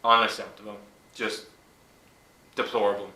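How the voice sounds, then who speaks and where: A man's voice: fairly low pitch, flat delivery, moderate pace, bright, forceful tone. A man in his twenties ranting angrily to camera, swearing hard and stressing his words. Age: 20s. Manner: furious, swearing, emphatic. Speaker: YouTuber. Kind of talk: angry vlog rant. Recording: echoey room.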